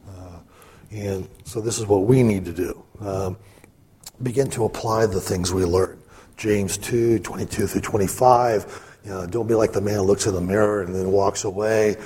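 A man teaches from the Bible in a relaxed, conversational sermon, dropping in fillers and asides as he goes. His voice sits low and a bit husky. The tone is mellow and warm. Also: normal speed. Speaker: preacher.

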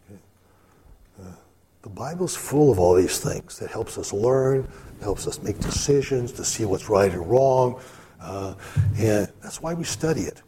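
A man's voice: on the low side, expressive, a little slow, warm tone, slight background noise. A man giving casual Bible teaching in a conversational way, full of asides and fillers. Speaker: preacher.

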